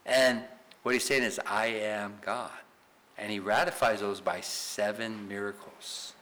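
A man's voice: lowish voice, measured pace, bright, forceful tone, poor audio. A man teaching a Bible study in sermon style, emphatic, asking rhetorical questions and tagging points with "right?".

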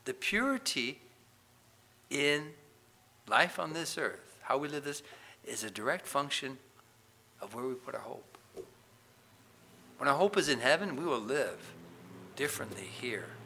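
Bright-voiced emphatic male preacher. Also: medium pitch, lively intonation, measured pace, vocal fry, pauses often, a little hiss or hum. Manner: emphatic preaching, rising loud on questions and Bible quotes. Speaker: pastor. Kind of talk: sermon.

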